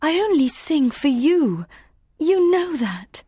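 A man voicing a fragile, weary young female opera singer in a soft, breathy falsetto, reading a storybook aloud. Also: very animated, slow, no room sound, clean studio sound, heavily acted. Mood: tender. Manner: quiet and soft-spoken. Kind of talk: audiobook reading of a graded reader.

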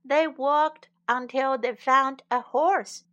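Slow, expressive woman reading a storybook. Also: high voice, muffled recording. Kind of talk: bilingual children's story reading.

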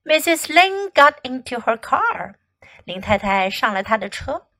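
Casting note: woman teacher narrating a picture book, high, lively voice, unhurried. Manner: slow, expressive read-aloud. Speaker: English teacher. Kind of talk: bilingual storybook reading.

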